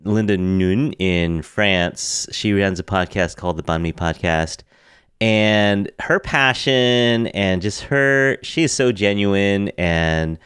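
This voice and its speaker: An American man hosting a podcast, chatting casually, laughing often and animated in his delivery. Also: fairly low pitch, slow, clean tone, no room sound, studio quality. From United States. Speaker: podcast host. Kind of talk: casual interview chat.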